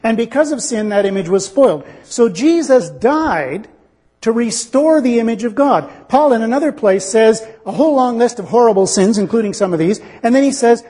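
A man's voice: very high-pitched, expressive, moderate pace, dark tone, long reverb tail. A man preaching a sermon in an earnest, reasoning way, acting out little dialogues to make his point.

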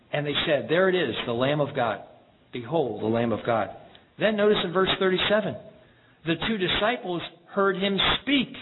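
A man delivers a sermon in an earnest, measured way, stopping to read scripture aloud. His voice sits a little high for a man. The recording is thin and phone-like, with steady noise underneath. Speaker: preacher. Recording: tinny phone-like sound with background noise.

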